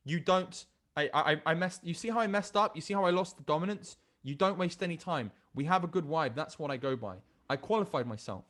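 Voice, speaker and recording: High-voiced British man coaching emphatically. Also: brisk, hardly any pauses, fairly bright tone. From Britain. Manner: emphatic and repetitive, hammering points home. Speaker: dating coach. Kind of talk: recorded coaching lesson reviewing chat messages.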